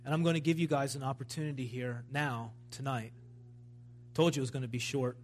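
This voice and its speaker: A man's voice: medium pitch, steady tone, brisk, a little hiss or hum. A man preaching a sermon at a church service, in a fervent, emphatic style that builds in intensity.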